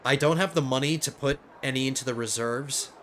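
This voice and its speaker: A man hosting a let's play, giving casual gameplay commentary and getting excitable as he thinks aloud. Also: medium pitch, brisk, a little hiss or hum. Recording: game music playing under the voice. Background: game music.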